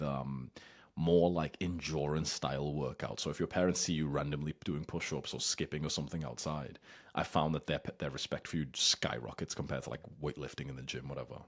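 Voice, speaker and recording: Young guy w a really low husky voice, blunt advice, swears a lot. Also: steady tone, fairly quick. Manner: blunt, swears freely, acts out whiny childish voices. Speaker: host. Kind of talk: casual advice talk.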